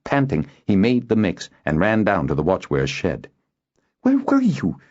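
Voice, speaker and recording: A man reading an audiobook aloud as narrator, in a steady storytelling delivery. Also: sits low, normal speed, dull audio. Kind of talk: scripted narration.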